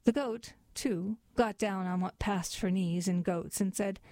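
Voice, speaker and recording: A woman reading a fairy tale aloud in a deadpan, mock-formal storybook narration. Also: medium pitch, unhurried, few pauses, dry recording.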